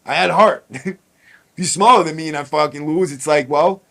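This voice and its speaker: A man's voice: a little high, normal speed, gravelly, sharp tone. Blunt, profane man telling a story. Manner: profane, blunt, street slang. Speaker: podcast host. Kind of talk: casual storytelling.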